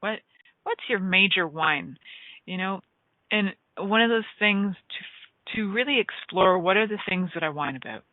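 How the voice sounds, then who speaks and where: A woman's voice: medium pitch, lively intonation, moderate pace, no echo. A woman hosting a radio talk show, chatting in a playful, rambling way with many fillers. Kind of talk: casual solo radio talk. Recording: tinny phone line.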